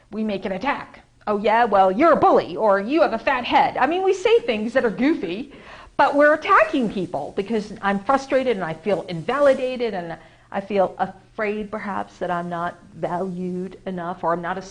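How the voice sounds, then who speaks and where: An American woman musing in a casual, rambling talk, with lots of fillers and self-corrections, who gets animated when she makes a point. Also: fairly high pitch, low-quality recording. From United States. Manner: acts out quoted voices, gets animated when emphasizing. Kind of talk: casual spoken reflection.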